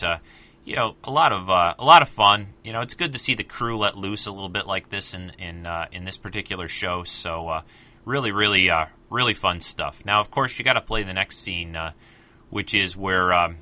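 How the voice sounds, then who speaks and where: Man, very deep voice, bright and forceful, casual rambling fan commentary. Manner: rambling, many fillers and restarts. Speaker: podcast host.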